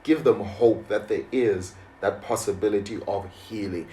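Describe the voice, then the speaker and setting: A man's voice: fairly low pitch, moderate pace, dark tone, roomy sound, a little hiss or hum. A man interviewing an author, earnest and encouraging as he addresses viewers. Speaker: publisher and interviewer. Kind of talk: interview hosting.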